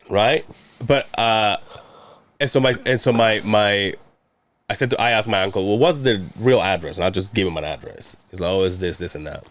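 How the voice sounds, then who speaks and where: A man's voice: lowish voice, normal speed. A man in his thirties telling a long personal story in casual chat, rambling and profane, acting out the people he quotes. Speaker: podcast guest telling a story.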